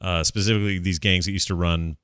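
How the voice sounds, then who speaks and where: A man's voice: sits low, fairly even intonation, fast, a bit bright, clear, resonant tone, dry recording, studio quality. A man co-hosting a casual podcast, talking in an easygoing way with lots of fillers. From United States. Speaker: podcast co-host. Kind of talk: casual chat.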